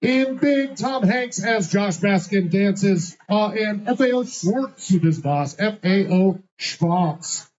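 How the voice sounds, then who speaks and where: Snarky trivia host guy, kinda high voice, muffled lo-fi sound. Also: lively intonation, slow pace, hardly any pauses, darkish tone. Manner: sarcastic, teasing. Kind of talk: live trivia night hosting. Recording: dull lo-fi sound.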